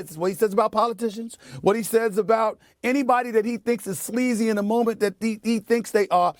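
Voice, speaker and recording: A middle-aged man hosting a sports debate show, making his point with forceful, preachy repetition in a TV studio. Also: very high voice, dry recording. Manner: emphatic and preachy, repeats phrases for effect. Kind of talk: heated on-air sports commentary.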